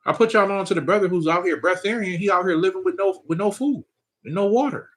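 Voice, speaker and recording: Man, bright forceful tone, casual spiritual talk, conversational. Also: sits high, fast. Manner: loose, conversational preaching with frequent laughs and "you know what I'm saying". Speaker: spiritual teacher.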